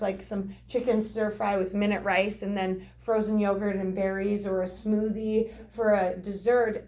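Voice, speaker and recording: A woman co-leading a nutrition workshop, telling a personal story in a chatty, animated way and acting out quoted voices. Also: medium pitch. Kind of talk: casual storytelling talk.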